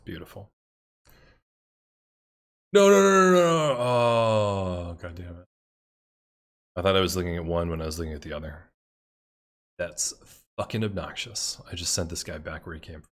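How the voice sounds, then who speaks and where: A man with a fairly low voice talks his way through a strategy game in loose, casual commentary. He mutters to himself, gets excited, and swears freely when a move goes wrong. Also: a little fast, long pauses, husky. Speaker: gameplay commentator.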